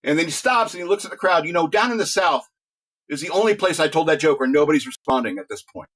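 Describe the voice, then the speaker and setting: A man's voice: on the high side, lively intonation, fast talker, fairly bright tone. A middle-aged man hosting a talk radio show, rambling casually, joking, laughing often and restarting his words.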